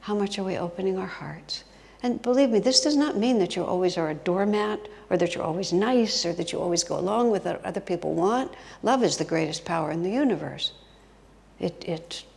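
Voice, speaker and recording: A guest teacher delivers a spiritual talk in a retreat hall, her words trailing in long hall reverb. She speaks at normal speed with a lowish, slightly mellow voice and vocal fry. Her storytelling is expressive, sinking to a whisper when she wants emphasis.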